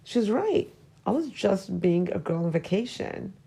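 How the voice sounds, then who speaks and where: A woman's voice: medium pitch, very animated, measured pace, creaky, dark tone, breathy edge. A woman in her forties hosting a podcast, talking through personal memories in a hesitant, reflective way that sometimes drops to a whisper. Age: 40s. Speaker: podcast host.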